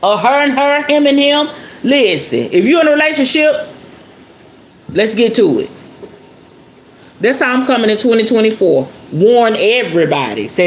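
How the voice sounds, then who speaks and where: A blunt, outspoken woman hosts a casual spiritual talk monologue, and her voice swoops up and down with lively energy. The sound is roomy and echoey, with a faint hiss behind her. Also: fairly high pitch, normal speed, pauses often. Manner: blunt, animated, preachy. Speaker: host.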